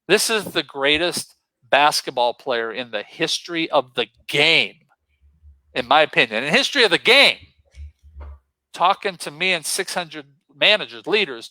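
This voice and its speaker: A man from western Pennsylvania, a guest motivational speaker, telling stories with excitable, punchy emphasis. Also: on the high side, no echo, rough recording. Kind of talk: energetic storytelling.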